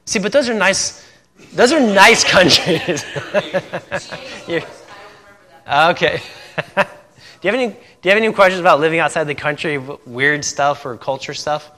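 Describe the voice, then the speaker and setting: Bright-voiced chatty male missionary. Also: a little high, lively intonation, unhurried. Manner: chatty, laughs often between sentences. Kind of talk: casual talk to a group.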